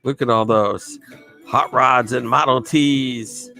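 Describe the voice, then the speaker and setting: A man hosting a live stream, giving rambling, enthusiastic shout-outs to viewers. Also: mid-range voice, steady tone, slow pace. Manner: enthusiastic, rambling, repeats himself. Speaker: livestream host. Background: faint music.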